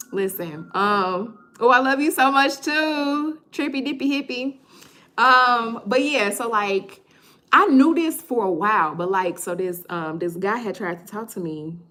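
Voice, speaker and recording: A young woman, hosting a casual livestream chat, joking, animated, often stammering and repeating herself. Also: mid-range voice. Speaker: livestream host.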